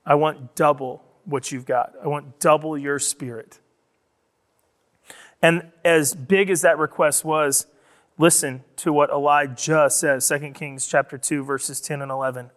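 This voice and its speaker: A man preaching a sermon, retelling a story with acted quotes and building to loud, emphatic passages. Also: on the high side. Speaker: pastor. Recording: long hall reverb.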